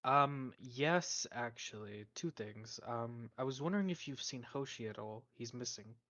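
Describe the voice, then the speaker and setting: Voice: medium pitch, expressive, unhurried, a bit bright, no room sound, dull audio. A player in a tabletop game, speaking plainly and matter-of-factly.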